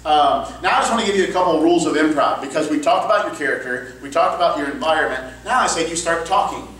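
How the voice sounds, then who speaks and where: A man teaching an improv workshop in an upbeat, chatty way, sprinkling in quick asides. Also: a little high, fairly bright tone, a little hiss or hum. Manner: upbeat, quick asides, frequent "cool" and "okay". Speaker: improv coach. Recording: echoey room, far from mic.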